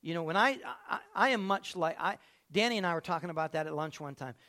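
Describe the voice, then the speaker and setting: A man preaching a lively sermon and calling out to listeners by name in a church. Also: fairly high pitch, fast. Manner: animated, calls on listeners by name. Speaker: pastor.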